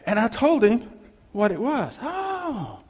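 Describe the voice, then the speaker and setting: A high-pitched man preaching with a gravelly, husky voice that swings widely up and down. He tells stories and acts out quoted voices, and his words ring on in the long reverb of a church hall. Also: moderate pace. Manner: animated storytelling, acting out quoted voices with laughs. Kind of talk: sermon.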